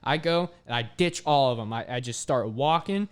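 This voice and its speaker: A young man tells a story with plenty of animation, dropping curse words and "like" at every turn. His voice has a smooth, clean tone at an everyday middle pitch. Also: moderate pace. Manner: animated, swears often, heavy use of "like". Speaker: podcast host. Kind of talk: casual storytelling.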